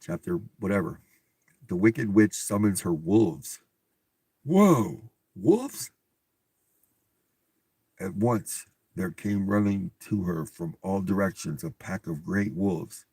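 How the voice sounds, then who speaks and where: A man with a low, husky voice reads a storybook aloud, swearing and scoffing between passages. The sound is dry and close, with no room around it. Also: fairly even intonation, unhurried, warm tone, no echo. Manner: profane, incredulous outbursts. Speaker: reader and commentator. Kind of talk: comedic read-aloud with commentary.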